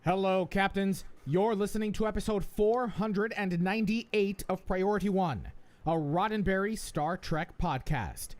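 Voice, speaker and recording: A man's voice: high voice, unhurried. A man hosting a fan podcast, joking and stumbling through the intro. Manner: jokey, scattered, restarts intro lines. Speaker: podcast host. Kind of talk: casual podcast banter.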